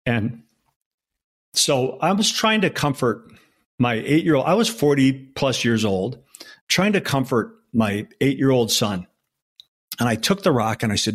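A man in his sixties, a former undercover federal agent, telling a personal story in an interview in an earnest, emotional way with halting restarts. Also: medium pitch, lively intonation.

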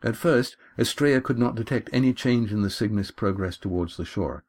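A man with a voice on the low side narrates an audiobook of his own adventure novel, reading aloud in a measured, steady storytelling manner.

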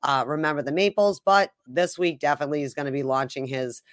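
A woman's voice: low-pitched, fast talker, no room sound, studio quality. A woman co-hosting a sports podcast in casual chat, teasing and joking with her partner. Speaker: podcast co-host.

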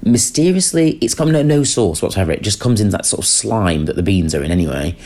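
A man's voice: on the low side, a little fast. A man on a podcast, chatting casually and riffing comically. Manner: comic, animated, riffs with mock voices. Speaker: podcast guest. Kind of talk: casual chat.

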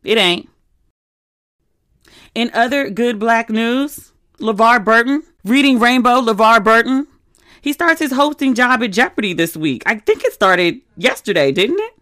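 A woman's voice: fairly high pitch, big pitch swings, measured pace, fairly bright tone, no room sound, studio quality. A woman in her forties hosting a solo podcast, telling stories in a candid, chatty way full of asides. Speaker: podcast host. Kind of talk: casual solo podcast chat.

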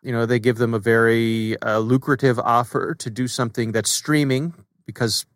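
A man co-hosting a podcast, chatting in a relaxed way with plenty of fillers. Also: mid-range voice, normal speed, no room sound, studio quality. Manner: relaxed, conversational, many fillers. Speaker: podcast co-host. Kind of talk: casual podcast chat.

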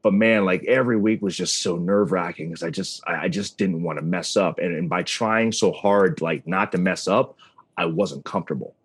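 A wrestling announcer in his thirties, a guest on an interview, tells stories animatedly and acts out the voices he quotes. His low voice is slightly rough, and he speaks at a normal speed.

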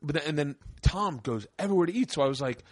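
Male podcast host, casual storyteller, lively pitch, profane, dry close sound. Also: quick pace, dry recording. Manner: animated, profane, acts out quotes in raised voice.

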